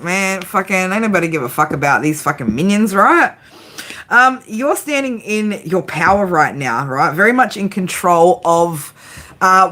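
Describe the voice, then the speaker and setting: A woman's voice: on the low side, a bit bright. An Australian woman doing a casual tarot reading, chatty and brash, swearing often and giggling. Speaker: tarot reader.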